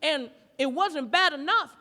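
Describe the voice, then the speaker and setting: A woman performing a standup comedy routine live, telling a story in a brash, profane, animated way. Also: sits high, measured pace, big-room sound. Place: live performance in a gallery space.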